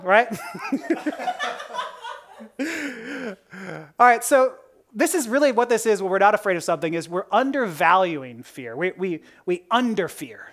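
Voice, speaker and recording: A woman preaches a sermon in a relaxed, conversational style, speaking at an average pitch. She keeps posing rhetorical questions to her listeners and laughs at her own jokes. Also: normal speed.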